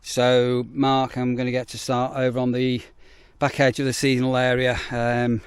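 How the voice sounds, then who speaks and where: A man's voice: medium pitch, completely flat delivery, moderate pace, smooth, dry recording. A British man, a campsite warden, chatting casually while working outdoors, rambling with frequent ums and out of breath. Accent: British English. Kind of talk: casual outdoor work vlog.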